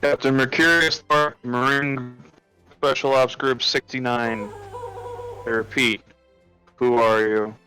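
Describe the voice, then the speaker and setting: A man's voice: mid-range voice, steady tone, slow, long pauses, sharp tone, faint music behind, low-quality recording. A man voicing a stern male marine captain who speaks in clipped, formal lines.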